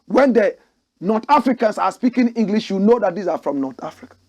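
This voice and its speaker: A Ghanaian man hosts his own commentary show and delivers his views in forceful, slogan-like bursts. His voice sits a bit high, with a rough, gravelly, husky texture. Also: lively intonation, brisk. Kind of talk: opinionated political commentary.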